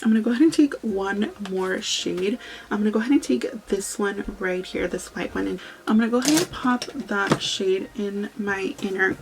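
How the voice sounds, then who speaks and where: A woman's voice: mid-range voice, normal speed, low-quality recording. A young woman chatting casually through a makeup tutorial, telling a story and swearing freely. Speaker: beauty vlogger.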